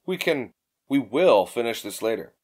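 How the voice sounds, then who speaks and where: A man voicing a quiet, easygoing young male lover in an audiobook. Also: mid-range voice, very animated, moderate pace, slightly rough, pitched below the performer's own voice. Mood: gentle.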